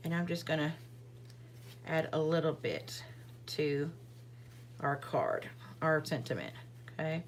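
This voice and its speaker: Chatty low-voiced woman crafter. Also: slow pace, long pauses, slight background noise. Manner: chatty, rambling, full of fillers and asides to viewers. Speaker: card-making livestream host. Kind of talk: casual live crafting demonstration.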